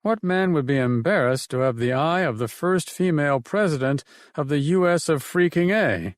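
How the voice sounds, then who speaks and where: In audiobook narration, a man voices a blunt, wry survivor, a gruff, practical character with dry humor, in a joking mood. His natural voice is pitched fairly high, above his own, expressive and at a moderate pace, recorded dry with studio quality.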